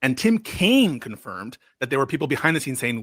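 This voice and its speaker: A man's voice: medium pitch, sing-song, brisk, fairly bright tone, no echo. A man arguing politics on a stream, pressing his point and repeating his question. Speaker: debate guest. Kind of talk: heated political argument.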